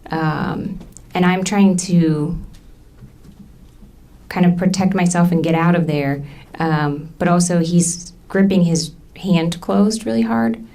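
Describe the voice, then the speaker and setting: A woman in her thirties testifying in a courtroom, halting and full of ums as she recounts what happened. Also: lowish voice, vocal fry, warm tone. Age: 30s. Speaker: trial witness.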